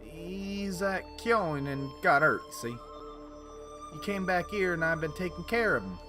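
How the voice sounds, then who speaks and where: A man's voice: low voice, moderate pace, over music, pitched below the performer's own voice, natural voice. A man voicing a plain-spoken rustic village woman with a folksy hick drawl, fussing over an injured stranger.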